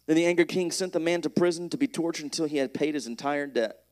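A man's voice: fairly high pitch, fast, darkish tone. A man preaching a conversational sermon, joking with the congregation and reading scripture aloud with rising energy. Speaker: pastor.

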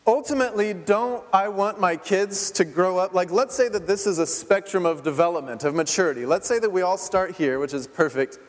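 A man's voice: high voice, brisk, few pauses. A man in his thirties preaching a conversational sermon, asking the congregation questions and laughing often. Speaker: pastor. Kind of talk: interactive sermon. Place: church sanctuary. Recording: long hall reverb.

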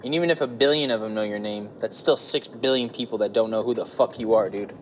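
A man's voice: lowish voice, fast, fairly bright tone, slight background noise. A young man hosting a solo podcast, rambling and swearing as he questions himself in frustration while sitting on a toilet. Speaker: podcast host.

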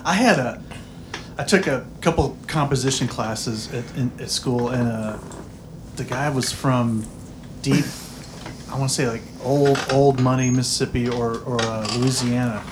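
A man talks in a rambling, hesitant way, circling back and restarting as he reaches for words. A clear hiss of background noise runs under his voice. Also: mid-range voice, unhurried. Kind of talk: casual chat. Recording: noisy recording.

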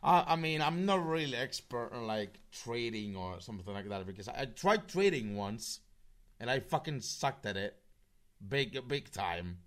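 Man, slurred rambling chat voice, lively swings in pitch, swears a lot. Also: moderate pace. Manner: rambling, restarts, heavy swearing. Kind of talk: casual online group chat.

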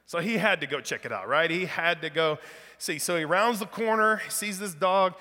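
Folksy preacher guy, high bright voice, big echoey hall. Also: normal speed. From northeast Louisiana. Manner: casual, folksy, enthusiastic. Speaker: guest pastor. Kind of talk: sermon with humor. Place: church sanctuary.

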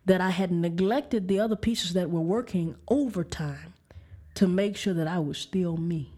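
A woman's voice: lowish voice, moderate pace, mellow. A woman preaching and telling a candid personal story of frustration and faith, with restarts and light laughs. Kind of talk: personal testimony sermon.

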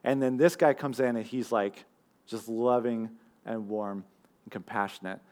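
A man's voice: mid-range voice, moderate pace, a little mellow. Casual young man preaching a sermon. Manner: conversational, self-deprecating storytelling with fillers. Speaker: college group teacher and preacher.

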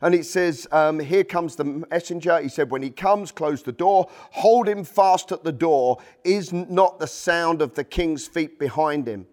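A pastor preaching a Sunday sermon in church, reading scripture aloud with lively asides. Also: male voice, on the high side, measured pace, hardly any pauses.

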